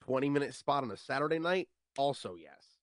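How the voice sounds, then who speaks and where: A young man talks casually as a comedian guest. He keeps his voice at an everyday middle pitch and often trips over his first words before the thought comes out. The sound is close and dry, with no room around it. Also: big pitch swings, brisk, no echo. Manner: chatty, repeats words when starting sentences, acts out quoted voices. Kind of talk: casual interview chat.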